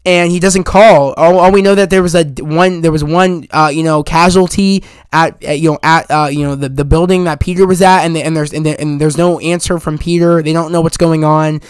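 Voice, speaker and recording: A man giving a casual spoiler review of a film, rambling with constant "you know" fillers and getting loud when thrilled. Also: a little high, steady tone, a little fast, hardly any pauses, smooth, no room sound, clean studio sound. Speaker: movie reviewer.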